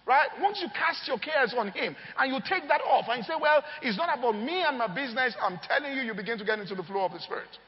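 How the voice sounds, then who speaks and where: A man's voice: very high voice, lively intonation, fast talker, hardly any pauses. A man preaching a sermon, telling stories with energy and often asking the crowd if they follow him. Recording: long hall reverb, dull lo-fi sound.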